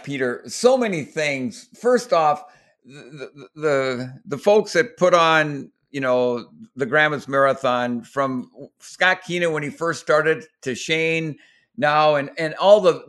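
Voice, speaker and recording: A man's voice: fairly high pitch, a little slow, fairly bright tone. A middle-aged man from Minnesota, telling race stories in an interview, rambling with many restarts and getting emotional. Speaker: guest, former marathon runner. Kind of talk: storytelling interview.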